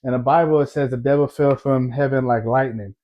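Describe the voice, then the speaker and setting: A man in his thirties, an army veteran, tells a personal story to camera in a rambling, conversational way, often ending lines with "right?". His medium-pitched voice has fairly even intonation and a brisk pace, and the recording has its highs cut off.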